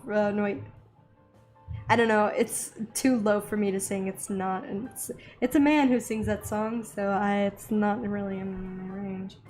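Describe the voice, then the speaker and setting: A woman's voice: fairly high pitch, normal speed, faint music behind. Bubbly young woman chatting while drawing. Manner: bubbly, easily excited, rambling. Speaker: art channel host. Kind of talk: casual chat while drawing.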